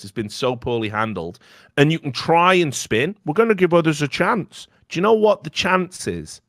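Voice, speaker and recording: A man talking on a podcast in a casual, heated rant, blunt and full of swearing. His voice sits at an ordinary pitch, and the recording is close and dry, with no room sound. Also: fairly bright tone, dry recording. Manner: blunt and profane, heated ranting. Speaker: podcast host. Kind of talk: casual opinionated chat.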